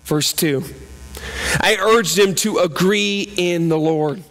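A man's voice: sits high, takes it slowly, fairly bright tone, faint music behind. A male pastor preaching a sermon in a church, emphatic, repeating key phrases and firing off rhetorical questions.

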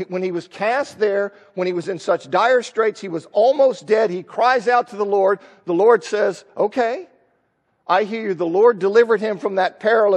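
A man's voice: high voice, big-room sound. A man teaching a Bible class in a conversational lecture style, thinking aloud and acting out the lines he quotes. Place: church classroom.

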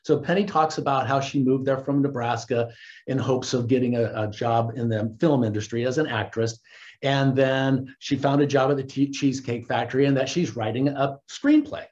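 A man hosting a casual recap, animated and quick to laugh as he retells the story. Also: mid-range voice. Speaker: host. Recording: dull lo-fi recording.

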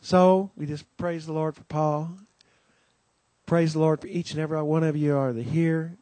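Folksy, homespun preacher man, higher pitched. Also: level tone, normal speed, mellow, no echo. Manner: homespun storytelling, many "you know"s, acts out quoted voices. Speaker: conference host giving the welcome. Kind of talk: folksy welcome talk at a Christian conference. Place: conference gathering.

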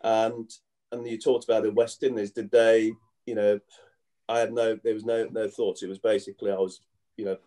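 A man's voice: on the low side, level tone, normal speed, dark tone. A man in his fifties who grew up in England, a former cricketer telling his life story in a casual interview, rambling with many "you know"s and restarts.

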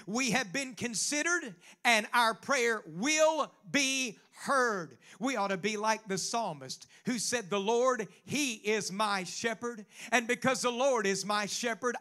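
A man's voice: high-pitched, pushed and bright. A man preaching a sermon as pastor, quoting scripture and building to fervent exhortation.

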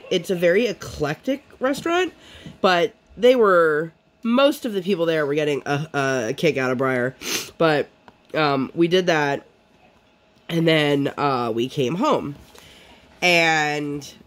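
A woman vlogger chatting casually while she crafts, rambling and full of fillers. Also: deep voice.

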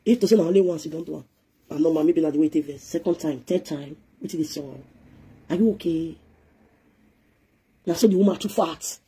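Nigerian pidgin woman ranting on a live stream, talks quick, a bit husky, scolding and preachy. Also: deep voice, dark tone. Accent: Nigerian Pidgin English. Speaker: live video presenter. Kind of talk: heated live-stream rant.

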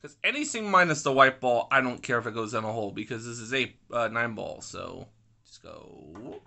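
A young man talks through his pool game in a loose, irritable ramble, cursing at opponents and drifting into side stories. His pitch jumps around a lot, and his tone is bright and forward. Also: sing-song, normal speed, vocal fry. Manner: grumpy, swearing, rambling asides. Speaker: gaming YouTuber. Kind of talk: casual gameplay commentary.

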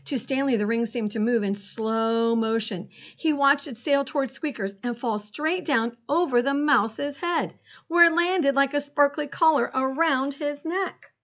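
A woman reading a children's storybook aloud in an expressive way. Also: high voice, unhurried. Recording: dull lo-fi recording.

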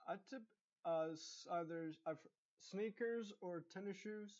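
A young man from Dallas, Texas, with a Texan accent, rambles through a casual accent tag vlog full of fillers and restarts. His high-pitched, slightly mellow voice is a little slow, captured on a dull lo-fi recording.

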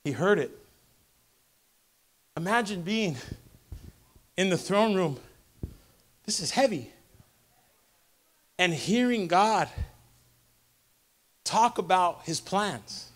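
A man with a very high voice preaches to his congregation. He repeats lines in call-and-response fashion and swells to shouted peaks, speaking from a church service. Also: expressive, slow pace, pauses often. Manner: impassioned preaching that builds to shouted crescendos; repetitive call-and-response rhetoric. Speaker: pastor. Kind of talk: sermon.

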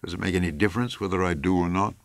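A man's voice: low voice, racing, no echo. A man voicing a resentful, sulking rich husband in an audiobook, speaking in a bitter, petulant way. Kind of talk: audiobook character reading.

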